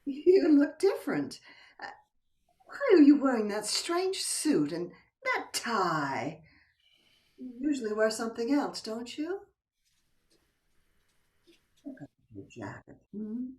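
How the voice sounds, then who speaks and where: In a full character voice, a woman with a slightly high, darkish-toned voice swings hugely in pitch, speaking slowly with long pauses. She plays a coy married woman toying seductively in a stage play, teasing and whispering, captured distantly in an echoey room.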